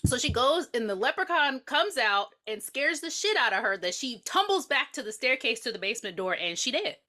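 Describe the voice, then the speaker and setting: A woman co-hosting a podcast, reviewing a horror movie in a casual, animated, profane chat and laughing often. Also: high voice, a little fast. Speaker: podcast co-host.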